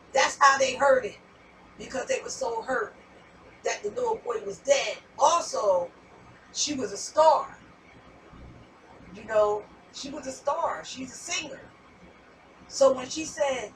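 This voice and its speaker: A woman's voice: high-pitched, normal speed, distant mic, background noise. A woman giving a casual tarot reading, rambling and repeating herself, with some swearing. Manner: rambling, repetitive, profane. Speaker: tarot reader.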